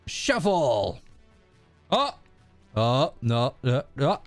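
A man talking over his gameplay, his pitch leaping all over between low mutters and high yelps. He drags his words out slowly and swears at the game. It sounds dry and close, with faint game music behind him. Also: clear, resonant tone, no room sound. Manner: excitable, swears and yells at the game. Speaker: gaming video host. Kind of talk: casual gameplay commentary.

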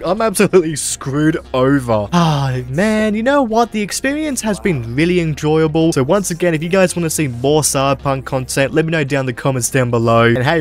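Excitable, swearing gaming commentator man. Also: medium pitch. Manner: excitable, swears a lot, sarcastic asides. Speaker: gaming YouTuber. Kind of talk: let's-play commentary.

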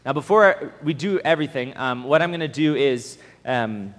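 A man preaches at a youth camp. He tells stories in an animated way, often stops to restart a phrase, and then walks the campers through instructions. His voice carries a long hall reverb. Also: mid-range voice, moderate pace. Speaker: camp speaker.

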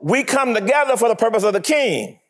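Male pastor, high tenor, animated sermon delivery, plays out scenes. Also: a little fast. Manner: animated, acts out scenes, laughs often.

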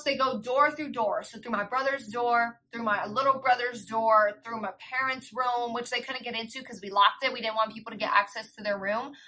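Young woman vlogger, high and bright, casual storytime delivery, slangy and profane, animated. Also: rough recording.

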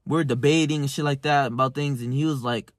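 A man's voice: medium pitch, fairly even intonation, a little fast, no room sound. Profane preachy young man, dry sound. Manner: profane, emphatic, preachy, calls listener bro. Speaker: self-improvement vlogger. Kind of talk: casual motivational rant to camera.

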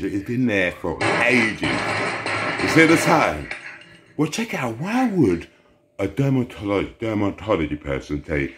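A man's voice: fairly low pitch, background noise. A man, vlogging into a handheld phone and rambling in an agitated way. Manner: agitated, rambling, with sudden jumps up and down in loudness. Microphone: phone held in hand. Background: TV show playing with music.

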